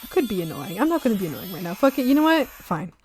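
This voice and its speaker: A young woman streaming her art, chatting playfully with viewers, silly and quick to squeal and laugh. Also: mid-range voice, big pitch swings, a little mellow, slight background noise. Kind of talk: casual chat with live viewers.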